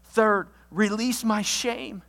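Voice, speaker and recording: A pastor giving a sermon, walking through a numbered list of alliterative points with energetic delivery and sudden loud outbursts. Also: mid-range voice, slow, big-room sound. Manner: lists points with alliterative words.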